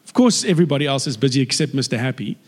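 A man from South Africa with a South African accent, giving a personal faith testimony as a lively storyteller who acts out dialogue. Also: mid-range voice, very fast.

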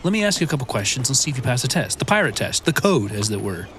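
A man's voice: medium pitch, sing-song, fast talker, a bit bright, a little hiss or hum. A man playing the exasperated first mate in a children's skit, talking in a flustered, stammering way.

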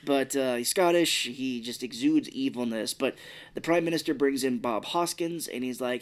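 A man's voice: medium pitch, normal speed. An American man co-hosting a podcast, casually retelling a film's plot in a loose, rambling way. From United States. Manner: rambling retelling of scenes with quoted voices. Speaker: podcast co-host. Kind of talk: casual movie recap chat.

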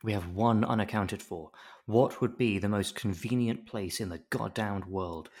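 A fairly low-pitched man speaking at a moderate pace co-hosts a podcast about a TV episode. The conversation is casual, and he keeps it animated and funny by acting out quotes in various voices.

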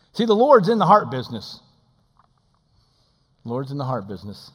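A man's voice: mid-range voice, unhurried, slightly rough, long reverb tail, highs cut off. Older preacher man with folksy humor. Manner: animated and emphatic, folksy humor, quoting scripture. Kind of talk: sermon.

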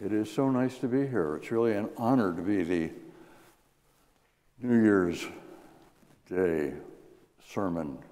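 A man preaches from the pulpit, his dark, mellow voice rising and falling with lively emphasis as he reads scripture aloud. The long reverb of a church hall trails behind every phrase. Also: fairly low pitch. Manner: expressive, measured reading with lively rises. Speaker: guest preacher. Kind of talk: sermon. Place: church sanctuary.

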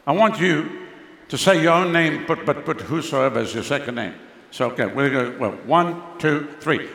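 A middle-aged male pastor preaching a sermon, swinging between loud declarations and hushed asides. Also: on the high side, moderate pace, creaky. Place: large church hall. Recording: echoey hall reverb.

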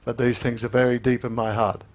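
Man in his eighties, preacher, emotional sermon, halting delivery, mid-pitched voice. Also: flat delivery, a little mellow. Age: 80s. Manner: emotional, halting with fillers and restarts; rises in pitch and volume when urging repentance.

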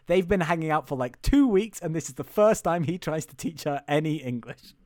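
A man's voice: on the high side, lively intonation, fairly quick, darkish tone, no room sound, studio quality. A man casually recapping a film for a comedy podcast, rambling with restarts. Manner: rambling, restarts, breaks into goofy character voices.

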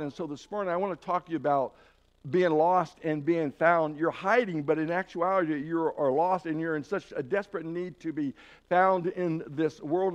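A man delivers a Sunday sermon with an earnest, encouraging tone, his voice sitting a touch higher than most men's. He often backs up and restarts a phrase before pressing on. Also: muffled recording. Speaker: preacher.

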